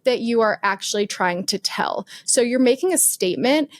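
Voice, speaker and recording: A woman's voice: medium pitch, no echo, clean studio sound. A young adult woman co-hosting a business podcast, explaining ideas in casual chat with frequent "like" and "um" fillers. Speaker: podcast co-host.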